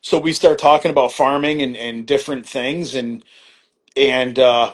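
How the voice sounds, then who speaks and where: A man's voice: mid-range voice, fairly even intonation, moderate pace. Laid-back middle-aged man telling a story. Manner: rambling, many fillers and restarts, acts out quoted exchanges; laid-back, swears casually. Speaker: podcast guest. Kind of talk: casual storytelling conversation.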